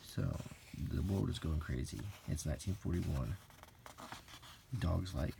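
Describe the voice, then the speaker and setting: Quiet american guy reading old magazine aloud, super gravelly and mellow, faint hiss behind. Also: deep voice, unhurried. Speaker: host flipping through an old magazine. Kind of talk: soft-spoken unintentional ASMR.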